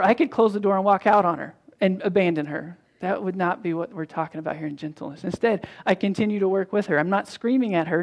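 A pastor delivering a sermon in a conversational way, with frequent restarts and repeated words, acting out quoted dialogue. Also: creaky. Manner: conversational, acts out quoted dialogue with big pitch jumps.

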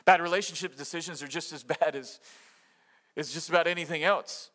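High, bright-voiced preacher man. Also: brisk. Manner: conversational and emphatic, with rhetorical questions and acted-out quotes. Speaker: pastor. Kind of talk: sermon.

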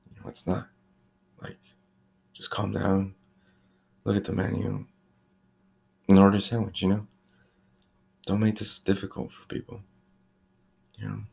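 A young man who works at a fast-food shop, talking in a loose, chatty rant about rude customers. He swears freely and fills his talk with "like" and "you know". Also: lowish voice, completely flat delivery, gravelly, a little mellow, slightly rough. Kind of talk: casual ranting monologue.

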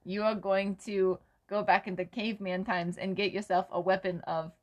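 A woman's voice: medium pitch, level tone, moderate pace, darkish tone, poor audio. A young woman co-hosting a casual chat, playful and goofy, often laughing. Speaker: podcast co-host.

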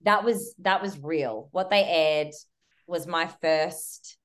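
A woman's voice: deep voice, slow pace. A young Australian woman, a podcast guest, chatting casually and telling a story with lots of "like" and frequent swearing. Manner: animated storytelling, heavy use of "like", swears freely. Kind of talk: casual chat.

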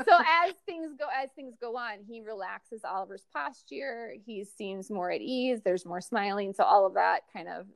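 A woman's voice: mid-range voice, normal speed, gravelly, hardly any pauses, no room sound. Chatty woman podcast host, dry mic. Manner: chatty, animated, full of fillers and restarts. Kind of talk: casual fan podcast chat about a TV show.

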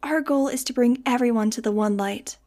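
A woman's voice: a little high, fairly quick, darkish tone, pitched above the performer's own voice, lightly acted. A woman voicing a sweet-voiced teenage girl who speaks serenely and hypnotically.

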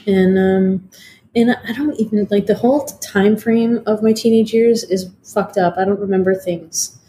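A woman's voice: mid-range voice, steady tone, unhurried, mellow, a little hiss or hum. A woman in her forties from Detroit, telling her life story as a guest, frankly, with lots of swearing and fillers. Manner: frank and profane, many fillers. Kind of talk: candid interview storytelling.

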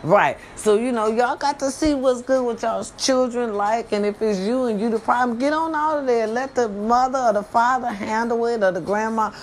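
A middle-aged woman hosting her own podcast, talking bluntly and profanely straight to her listeners, swinging from loud scolding to low warnings. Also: normal speed, few pauses, slight background noise. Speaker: podcast host. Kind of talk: casual monologue podcast.

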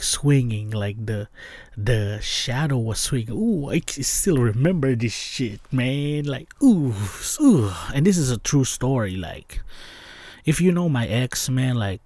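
A young man hosting a podcast, telling a scary story in casual chat, excitable and slangy, dropping to hushed tones at tense parts. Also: medium pitch, unhurried, no room sound. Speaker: podcast host.

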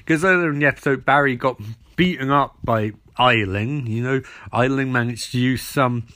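A man's voice: medium pitch, pushed and bright, no room sound. A man giving a rambling, sarcastic casual recap of a TV episode. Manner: rambling and sarcastic, acting out quick voices.

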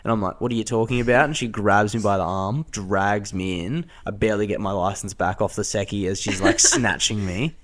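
Low-voiced man telling a wild story. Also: brisk, hardly any pauses. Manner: animated storyteller, acts out quotes with big pitch jumps; laughs often while telling. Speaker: podcast guest. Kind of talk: casual storytelling chat.

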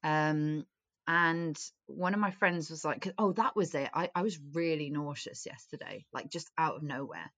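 A young woman with a slightly low voice talks with a friend in an easy, chatty way. She tells stories with lots of expression and swears without a second thought. Her voice sits close and dry on the mic. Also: moderate pace, no echo. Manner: animated storyteller, swears freely, acts out friends' voices. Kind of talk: casual chat.

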